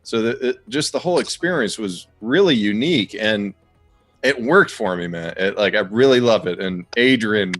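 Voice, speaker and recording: A man's voice: fairly low pitch, animated, moderate pace, a bit bright, no room sound. A man co-hosting a music show, rambling enthusiastically about a song with many restarts. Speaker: co-host music reviewer. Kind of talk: casual music review chat.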